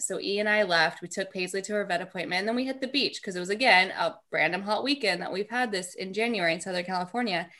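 Casual co-host, woman in her thirties, chatty storyteller with a middle-pitched voice. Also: sharp tone. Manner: chatty storyteller, quick asides, laughs while telling. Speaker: podcast co-host. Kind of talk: casual chat.

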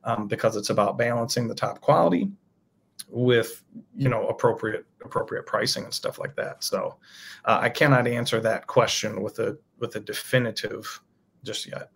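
A man's voice: on the low side, moderate pace, creaky, fairly bright tone, husky. A man talking casually about his own toy project as a guest, thinking aloud with loose restarts. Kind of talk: casual interview chat.

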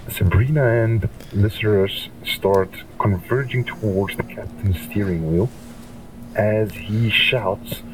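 A man narrating as game master, playful and laid-back. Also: fairly low pitch. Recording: distant mic with faint background noise.

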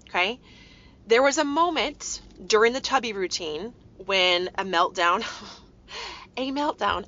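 A woman's voice: medium pitch, fairly bright tone, lo-fi sound. A woman in her thirties hosting a podcast, telling a personal story in an earnest, heartfelt way and talking straight to her listeners. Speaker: podcast host.

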